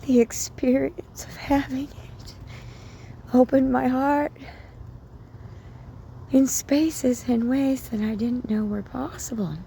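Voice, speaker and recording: A woman's voice: high voice, fairly even intonation, slow pace, creaky, pauses often, warm tone, slight background noise. A woman giving an intimate, emotional spiritual talk, often dropping to a whisper, recorded outdoors. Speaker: spiritual content creator. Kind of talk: personal spiritual talk to camera.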